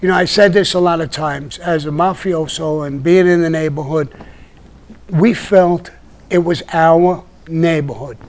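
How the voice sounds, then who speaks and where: Older male guest, Brooklyn accent, meandering raconteur, slightly higher-pitched voice. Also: steady tone, measured pace, a little mellow. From Brooklyn, New York. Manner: rambling, with many restarts and "you know". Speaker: podcast guest telling stories. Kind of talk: casual storytelling chat.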